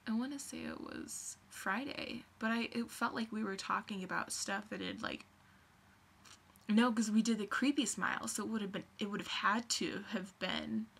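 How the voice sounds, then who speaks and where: A woman's voice: mid-range voice, moderate pace, creaky, breathy edge. A young woman rambling in a casual vlog, gushing and scattered, full of fillers. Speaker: vlogger.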